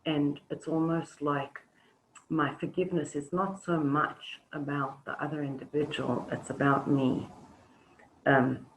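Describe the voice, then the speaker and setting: Gravelly reflective woman teaching a webinar. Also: low voice, little pitch movement, a little hiss or hum, poor audio. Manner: reflective, halting, many fillers. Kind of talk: webinar talk with storytelling.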